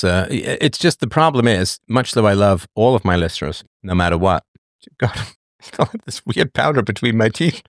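A middle-aged man hosting a live chat show, talking casually with wry jokes and drawn-out emphasis. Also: medium pitch, no room sound, studio quality. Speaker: podcast host.

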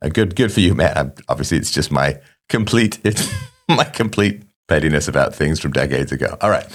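A man's voice: rumbling low, animated, a little fast. A middle-aged man hosting a show, talking casually to listeners in a rambling, wry way with self-mocking asides. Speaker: show host.

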